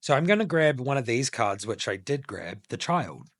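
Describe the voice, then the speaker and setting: Man, tarot reader, meandering casual talk, middle pitch, dry recording. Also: very animated, moderate pace, dry recording. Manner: meandering, many filler likes, intuitive musing. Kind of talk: casual spoken tarot reading.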